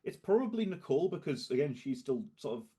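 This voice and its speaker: A man's voice: a little high, sing-song, fast talker, warm tone. A man running a tabletop game as game master, describing scenes in a hesitant, rambling way full of fillers and restarts.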